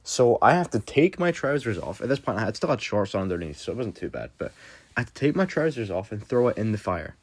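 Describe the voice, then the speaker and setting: A man's voice: lowish voice, sing-song, fast. A young man telling a storytime vlog in a casual, rambling way, full of fillers and swearing. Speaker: vlogger.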